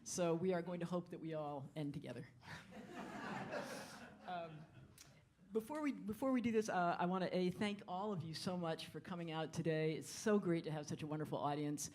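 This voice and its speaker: A woman speaks from a concert hall stage as a jazz bandleader, addressing the audience between pieces. Her talk is friendly but halting, dotted with fillers and restarts, picked up on a stage microphone. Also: fairly low pitch, darkish tone, slight background noise.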